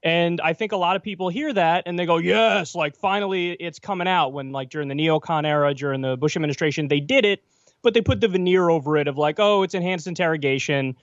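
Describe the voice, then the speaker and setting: A man's voice: fairly high pitch, fast, dry recording, lo-fi sound. A man giving blunt, sardonic political commentary on election night, joining the show remotely. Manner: blunt, sardonic, quotes politicians in mock voices.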